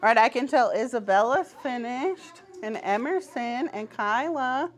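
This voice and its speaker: A woman's voice: on the high side, expressive, unhurried. Upbeat preschool teacher, a woman. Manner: upbeat and encouraging, gives short firm directions to small children. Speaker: pre-kindergarten teacher. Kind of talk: classroom instruction. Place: classroom.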